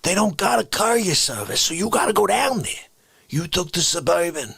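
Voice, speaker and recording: A man putting on a raspy, indignant ranting character who grills people, bursting into shouts. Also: sits high, very animated, normal speed, no echo, pitched above the performer's own voice, heavily acted. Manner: shouting outbursts, mock-interrogating, rambling hypotheticals. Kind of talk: comedic character rant on a livestream.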